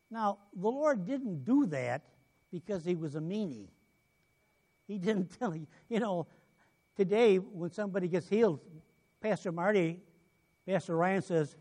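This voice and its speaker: Guy preaching, pretty high voice, tells stories and does the voices, gets loud then drops low. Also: lively intonation, normal speed. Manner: storytelling, acts out quoted voices, loud bursts then drops quiet. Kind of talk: sermon.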